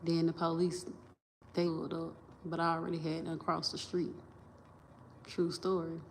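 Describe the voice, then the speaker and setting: Low voice lady going off on a phone livestream, cussing, repeating herself, faint noise behind. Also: completely flat delivery, moderate pace. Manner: emphatic, repetitive and profane, restarting sentences. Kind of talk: rambling livestream monologue.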